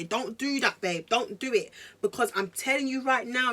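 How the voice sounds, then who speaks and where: Bright-voiced young woman vlogger. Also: on the high side, moderate pace, hardly any pauses. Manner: animated, slangy, addresses viewers directly. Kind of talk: casual storytelling to camera.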